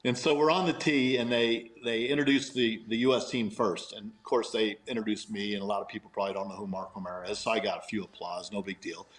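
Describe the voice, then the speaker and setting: Man, lowish voice, lively anecdote teller who laughs easily. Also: fast talker, hardly any pauses, rough recording. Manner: animated storyteller, laughs often. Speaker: guest golfer in a played clip. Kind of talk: anecdote telling.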